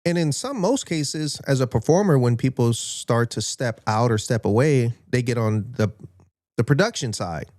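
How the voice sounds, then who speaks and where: Guy hosting a podcast, relaxed, lots of um and you know, dry close audio. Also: mid-range voice, moderate pace, dry recording. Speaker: podcast host. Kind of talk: casual interview.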